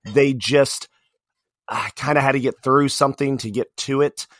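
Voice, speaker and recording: Guy rambling excitedly on a podcast, dry close mic, middle pitch. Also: moderate pace, no room sound. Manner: animated, rambling wrestling fan talk with fillers. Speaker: podcast co-host. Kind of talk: casual chat.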